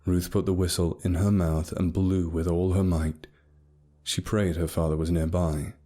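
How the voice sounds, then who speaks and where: A man narrating a scripted horror story in a steady, grave storytelling manner. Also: low voice, moderate pace. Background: soft music.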